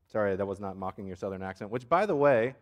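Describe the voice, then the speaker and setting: A man's voice: lowish voice, lively intonation, quick pace, big-room sound. A man preaching a conversational, humorous sermon as the pastor of a church. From Miami area, after a country childhood. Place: church sanctuary.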